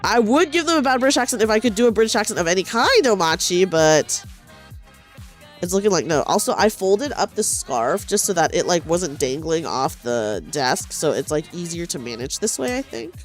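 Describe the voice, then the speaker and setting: A woman's voice: lowish voice, very animated, normal speed, faint music behind. A young woman streamer chatting casually while she knits, rambling and self-deprecating, often restarting her sentences. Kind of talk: casual chat while knitting.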